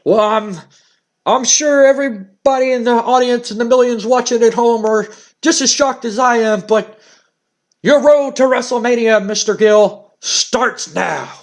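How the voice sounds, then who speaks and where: A man's voice: very high-pitched, measured pace. A man voicing a formal, stern older male wrestling boss in a let's play, speaking in a stiff, formal interviewer's manner.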